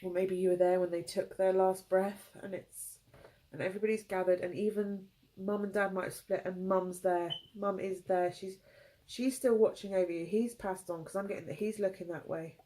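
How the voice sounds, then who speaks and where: A tearful woman reads tarot cards for her viewers. Her voice is mellow and warm, and she talks in soft, halting phrases that break off and restart as she feels her way through the reading. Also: mid-range voice, steady tone, rough recording. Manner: halting, emotional, gentle phrasing. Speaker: tarot reader.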